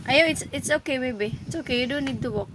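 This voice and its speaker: A woman's voice: sits high, fast. A Filipino-accented mother chatting playfully with her toddler, coaxing her with simple questions and laughing often. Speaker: mother playing a sound game with her toddler. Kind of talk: casual chat with a toddler. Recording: noisy home recording with sound effects playing.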